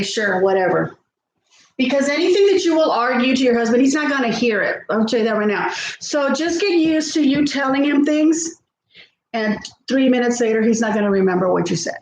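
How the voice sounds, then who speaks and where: Middle-aged lady chatting while she cooks, high voice, laughs a lot, echoey kitchen. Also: lively intonation, moderate pace, a little hiss or hum. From South Texas. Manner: chatty, laughs often, reads viewer comments aloud. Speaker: vlogger. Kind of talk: casual chat while cooking. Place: home kitchen.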